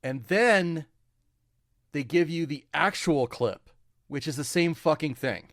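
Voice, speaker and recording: A man co-hosting a podcast in casual political chat, halting and restarting often as he swears his way through his points. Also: a little high, expressive, no echo, studio quality. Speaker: podcast co-host.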